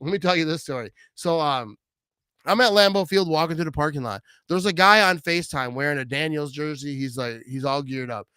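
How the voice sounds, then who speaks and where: A young man hosting a casual sports talk show, excitable and slangy, reading out fan messages. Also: fairly high pitch, brisk, smooth, no echo. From Wisconsin. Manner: excitable, slangy, says "bro" and "you know what I mean" a lot.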